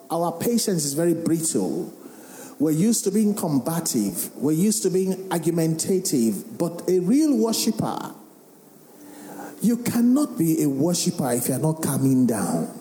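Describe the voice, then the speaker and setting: A man, a pastor giving an animated sermon and firing questions at the congregation. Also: fairly high pitch, slight background noise. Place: large worship hall. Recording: echoey hall with faint music.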